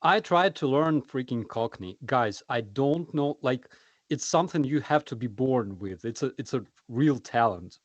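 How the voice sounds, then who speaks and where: A man from Ukraine, a guest chatting casually in halting English full of fillers. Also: medium pitch, lively intonation, no room sound, muffled recording. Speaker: guest, soldier blogger. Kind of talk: casual livestream chat.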